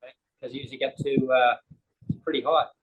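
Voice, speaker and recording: A man's voice: mid-range voice, fairly even intonation, brisk, breathy edge, highs cut off. A man hosting a show, chatting casually and jokingly, rambling with many fillers and restarts. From Canada. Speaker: podcast host. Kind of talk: casual chat.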